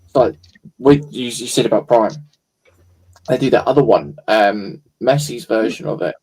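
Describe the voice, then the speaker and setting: A man's voice: lowish voice, animated, moderate pace, darkish tone, breathy edge, poor audio. A man from England chatting casually, rambling and searching for words. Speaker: co-host. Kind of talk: casual chat.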